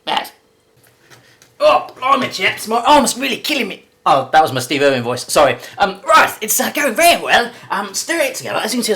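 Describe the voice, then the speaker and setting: Male cooking host, lively sing-song delivery, goofy rambling asides. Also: sits high. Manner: jokey, rambling, self-correcting asides. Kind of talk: comic in-character cooking demo.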